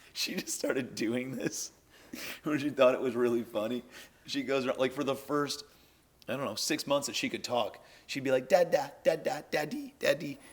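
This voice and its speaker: Interviewing his daughter on his podcast, a thirtysomething man keeps things casual and conversational, talking in an easygoing way with loose fillers. His voice is mid-range and his pace moderate.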